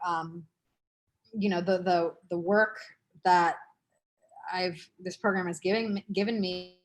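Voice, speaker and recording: A young woman sharing her recovery story in a halting, heartfelt way, full of fillers and restarts. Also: mid-range voice. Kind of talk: casual emotional sharing.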